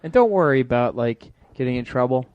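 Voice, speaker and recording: A man's voice: mid-range voice, lively intonation, fairly quick, dull audio, a little hiss or hum. A man co-hosting a comedy talk show, joking and rambling in a casual way. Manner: joking, rambling, puts on silly voices. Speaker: co-host.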